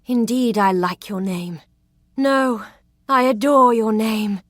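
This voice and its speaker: A woman's voice: on the high side, slow pace, no room sound, clean studio sound, voice pushed up. A woman voicing a teasing, coquettish young lady. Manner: playful, coquettish, arch.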